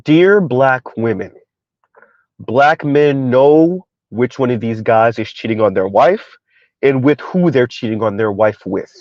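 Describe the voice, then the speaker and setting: A man's voice: medium pitch, animated, unhurried, darkish tone, no room sound, lo-fi sound. A man hosting an opinion monologue, mocking with repeated rhetorical questions. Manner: sarcastic, repetitive rhetorical questions. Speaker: commentary channel host.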